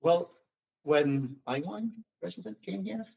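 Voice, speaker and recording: A man guest on a radio talk show, talking in a hesitant, halting way with many restarts. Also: high-pitched, lively intonation, vocal fry, breathy edge, dull audio. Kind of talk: radio interview.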